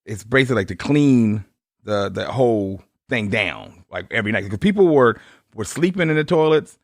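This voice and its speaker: A man's voice: on the low side, lively intonation, moderate pace, dry recording, studio quality. A man co-hosting a casual podcast who rambles, repeats himself and laughs a lot. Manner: rambling, stammering, laughs often. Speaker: podcast co-host.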